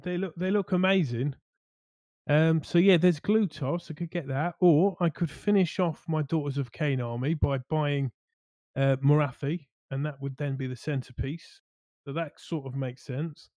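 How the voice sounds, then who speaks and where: A man's voice: fairly high pitch, moderate pace, a little mellow, no echo, highs cut off. Hesitant, rambling male co-host. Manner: rambling, hesitant, many restarts. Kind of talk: casual chat.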